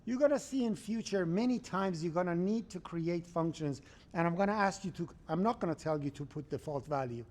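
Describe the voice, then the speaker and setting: A man's voice: high voice, a little fast. A man teaching a programming class in a conversational lecture style, often checking that students follow along. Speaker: programming instructor.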